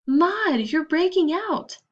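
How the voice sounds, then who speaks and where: A woman's voice: very high-pitched, animated, slow pace, lo-fi sound, pitched above the performer's own voice, full character voice. A woman reading a storybook, voicing an exasperated, sarcastic sixth-grade boy. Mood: irritated. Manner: grumbling, exasperated.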